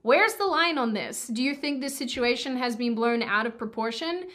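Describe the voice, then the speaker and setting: A woman delivers scripted show commentary with a polished, wry touch. Her voice sits a little high and stays clean and even. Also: normal speed. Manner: polished and wry, addresses the audience. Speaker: show host.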